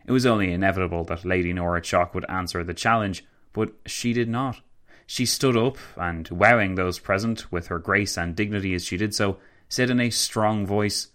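A man narrating a scripted story in a measured way. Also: low voice, fairly bright tone.

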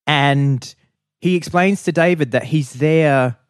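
A man's voice: fairly high pitch, slow, smooth, no echo, clean studio sound. A man with an Australian accent, chatting casually and telling a story with enthusiasm as a podcast co-host. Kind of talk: casual chat, telling an anecdote.

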